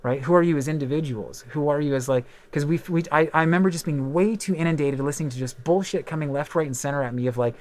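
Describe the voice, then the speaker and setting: A man's voice: on the high side, fast, hardly any pauses, a little mellow. A man in his thirties, a podcast host and musician, chatting casually and telling rambling, candid stories full of fillers and the odd swear word. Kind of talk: casual chat.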